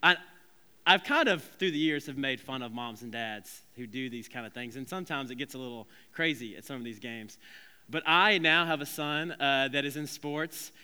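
A male pastor giving a lively, joking, conversational sermon in a church sanctuary. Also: mid-range voice, moderate pace, clean tone. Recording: long reverb of a large hall.

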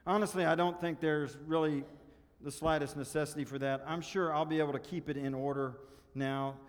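Man doing a frightened ghost, stammering, evasive, strained high voice, echoing hall. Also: steady tone, fairly quick, natural voice. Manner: stammering, panicky. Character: terrified, evasive ghostly man clinging to sin.

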